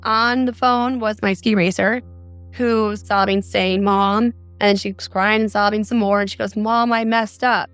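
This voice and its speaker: A woman's voice: mid-range voice, level tone, moderate pace, fairly bright tone, soft background music. A middle-aged woman from Arizona, a mother of four, earnestly recounting a frightening experience as a guest on a podcast. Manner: earnest, detailed storytelling.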